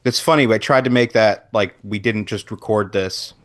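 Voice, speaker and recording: A man co-hosting a casual podcast, talking in a relaxed, plain way into a handheld microphone. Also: on the low side, normal speed. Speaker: podcast co-host. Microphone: handheld USB microphone.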